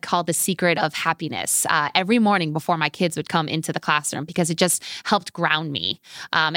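A woman in her thirties speaks as a podcast guest, a fitness instructor who tells her stories with animated, vivid energy. Her voice sits a little low for a woman. The sound is dry and close, with no room around it. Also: no echo. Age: 30s. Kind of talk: podcast interview.

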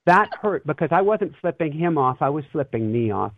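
Man, fairly high voice, earnest energetic storytelling, tinny phone-like line, dry sound. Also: a little fast, no room sound. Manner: earnest, energetic, laughs while telling stories. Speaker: interview guest, spiritual teacher. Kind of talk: animated conversational storytelling.

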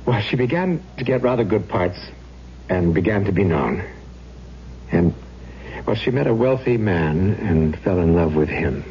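An actor playing the ghost of a spurned suitor, courtly and coaxing, who turns to desperate pleading, in a 1970s radio drama. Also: male voice, low voice, animated, unhurried, dull audio, a little hiss or hum. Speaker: ghost posing as a genteel older gentleman.

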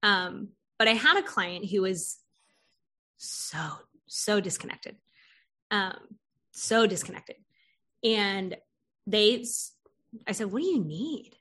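A woman's voice: mid-range voice, lively intonation, takes it slowly, long pauses, pushed and bright. A woman hosting an interview, chatting casually and animatedly telling stories about her therapy clients, acting out their lines and laughing often. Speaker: podcast host and therapist.

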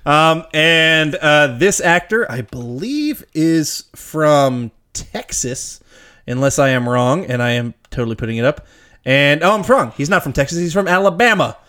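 A man co-hosting a casual podcast chat, enthusiastic and opinionated, dropping quick affirmations. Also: fairly high pitch, lively intonation, bright, forceful tone. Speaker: podcast co-host.

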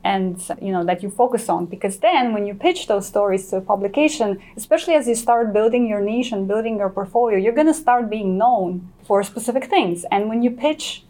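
A woman teaching travel journalism, speaking quickly and practically to a live audience in a room. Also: mid-range voice, mellow. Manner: quick, talks very fast; practical and encouraging, speaks straight to listeners. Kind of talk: live presentation to a small room.

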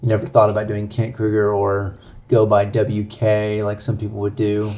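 A man who grew up in the southern United States, co-hosting a book podcast in a loose, halting way. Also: lowish voice, monotone, dark tone. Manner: halting, many fillers and restarts. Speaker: podcast co-host. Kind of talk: casual chat.

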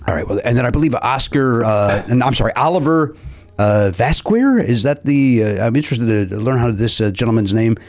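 A man's voice: mid-range voice, animated, a little fast, a little mellow. A man hosting a podcast, rambling and hesitant with playful jabs at his guests. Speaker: podcast host. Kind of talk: casual chat.

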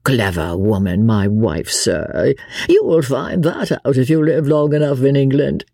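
Lady doing a drawly jokey fop nobleman, gravelly husky voice. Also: extremely low pitch, expressive, measured pace, dark tone, dry recording, clean studio sound, voice pushed up, full character voice. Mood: jovial. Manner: drawling, affected oaths, good-humoured. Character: lazy foppish English nobleman, drawling and jovial. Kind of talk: audiobook character reading.

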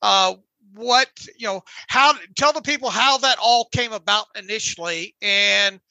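Male podcast host, high voice, gravelly edge, probing questions. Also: measured pace, sharp tone, no room sound. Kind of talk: interviewing a guest.

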